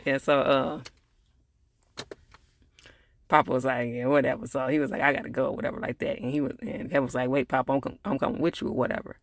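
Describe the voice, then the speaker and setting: A man's voice: medium pitch, fairly quick, pauses often, dry recording, studio quality. A man casually recapping a TV episode in a rambling, easygoing way, with plenty of fillers and laughing at the characters. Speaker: TV episode reviewer.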